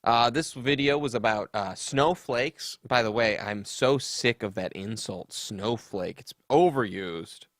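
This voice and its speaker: In an unhurried delivery with few pauses, the man speaks at medium pitch with a somewhat bright tone over a dry recording. As host of a comedy podcast, he chats about online drama with sarcastic mockery, doing sassy impressions for the quotes.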